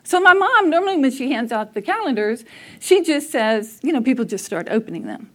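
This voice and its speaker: A middle-aged woman, telling a family story to a church audience, animated and often laughing as she acts out what people said. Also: high voice, fairly quick.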